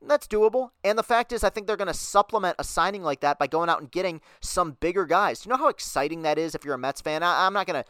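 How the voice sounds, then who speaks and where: Sports podcast host going off on a heated sarcastic rant, middle pitch, dead dry mic. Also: quick pace, hardly any pauses, a bit bright, no echo. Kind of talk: sports talk podcast monologue.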